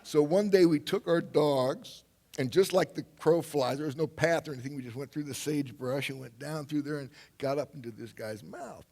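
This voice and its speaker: A man's voice: on the high side, moderate pace, creaky, a little mellow. An older man telling a loose, rambling anecdote on stage to a live audience, full of fillers and laughs. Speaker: guest speaker.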